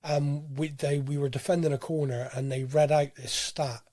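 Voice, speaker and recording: A man co-hosting a casual football fan podcast, talking in an animated, rambling way with frequent restarts. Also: fairly high pitch, normal speed, no echo, clean studio sound. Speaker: podcast co-host.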